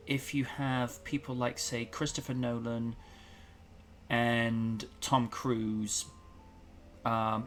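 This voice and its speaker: A man's voice: mid-range voice, fairly bright tone, a little hiss or hum. A man hosting a casual talk show, chatting in an opinionated, rambling way with plenty of fillers. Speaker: podcast host. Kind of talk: casual chat.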